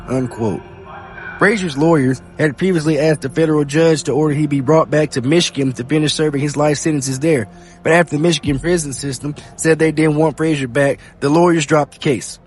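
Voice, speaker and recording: A man hosting a podcast, reading news reports aloud in a steady read-aloud delivery. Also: on the high side. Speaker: podcast host. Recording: faint music bed behind.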